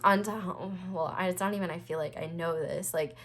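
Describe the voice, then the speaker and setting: A woman's voice: lowish voice, fairly even intonation, fairly quick, a bit bright. Earnest young woman, stuffy-nosed. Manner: earnest, reassuring, rambling with fillers. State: stuffy nose, tearful. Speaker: tarot reader. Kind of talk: casual pick-a-card tarot reading.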